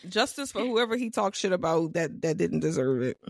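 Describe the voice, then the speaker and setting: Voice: medium pitch, sing-song, creaky, no echo, studio quality. A co-host in a casual podcast chat, sassy and outspoken, drawing out words and acting out what others said. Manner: sassy, drawn-out, acts out quotes.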